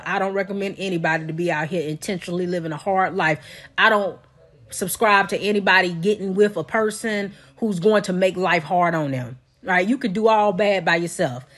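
A woman giving a preachy social media monologue in a lecturing manner. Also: lowish voice.

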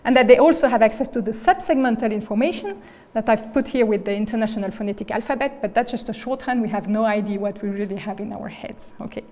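A woman's voice: fairly high pitch, fast talker, warm tone. A woman giving an academic lecture as guest speaker. She explains step by step and often checks in with "okay?" and "right?". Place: lecture hall. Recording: reverberant lecture hall.

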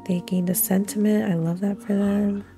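A woman's voice: medium pitch, little pitch movement, measured pace, gravelly, dark tone, soft background music. A young woman hosting a let's play, giving casual commentary that gushes and giggles over her game. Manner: gushing, giggly, playful.

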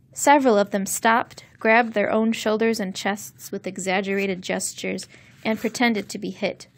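Clear, careful woman audiobook narrator. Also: medium pitch, no room sound. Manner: slow, clear, carefully enunciated reading. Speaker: narrator reading a novel for English learners.

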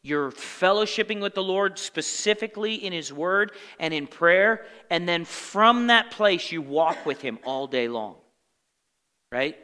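Animated pastor teaching in a reverberant church. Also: male voice, on the high side. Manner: asks the congregation fill-in questions, animated and conversational; acts out grumbling complainers in muttered asides. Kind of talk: Bible study sermon. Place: church sanctuary.

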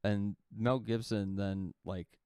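A man's voice: lowish voice, steady tone, slow, dark tone, clear, resonant tone, no echo, studio quality. A man co-hosting a podcast, casually retelling a story in a loose, rambling way full of "like" fillers. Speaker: podcast co-host.

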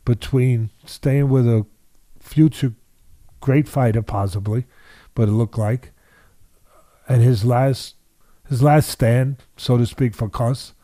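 A man's voice: medium pitch, steady tone, slow, long pauses, warm tone, no echo, studio quality. An older man, a boxing trainer, telling stories in an interview, driving points home by repeating phrases. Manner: emphatic, repeats phrases for weight. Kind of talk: interview storytelling.

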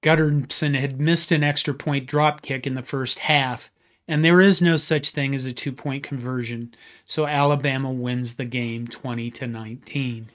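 A man's voice: medium pitch, fairly even intonation, normal speed, a bit bright. A man hosting a history channel, giving a scripted narration with conversational, wry asides.

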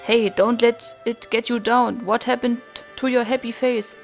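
A woman's voice: fairly high pitch, fairly even intonation, measured pace, gravelly, soft background music. A woman reading as a flippant young mercenary. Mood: teasing. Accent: German. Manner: flip, teasing, offhand. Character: brash young male mercenary swordsman.

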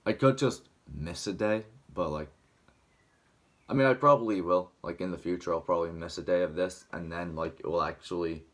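A man's voice: low voice, moderate pace, fairly bright tone. A young man with a dry throat, rambling casually to camera at home early in the morning, still waking up. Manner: rambling, filler-heavy, just waking up. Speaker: vlogger.

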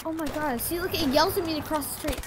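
A woman giving chatty, rambling commentary while playing a video game, breaking into excited yelps. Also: sits high, fast. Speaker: gaming commentator. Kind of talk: casual gameplay commentary. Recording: loud background noise.

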